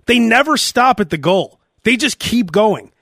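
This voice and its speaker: A man hosting a podcast in casual chat, animated and jumping between topics. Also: high-pitched, measured pace, dry recording, clean studio sound. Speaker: podcast host.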